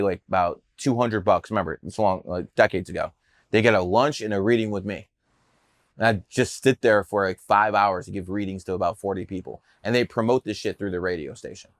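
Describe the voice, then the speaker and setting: A numerologist from the Cleveland area, USA, guests on a podcast, telling brash, profane, boastful stories about his career. His voice sits on the low side, and the sound is clean studio audio with no room sound. The talk is casual podcast storytelling.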